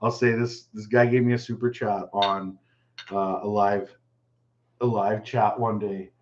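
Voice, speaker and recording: A man's voice: lowish voice, unhurried, dull audio, a little hiss or hum. Laid-back man chatting on a live stream. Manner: relaxed, chatty, reads viewer questions and answers offhand. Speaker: fishing channel host answering live chat. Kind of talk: casual live stream chat.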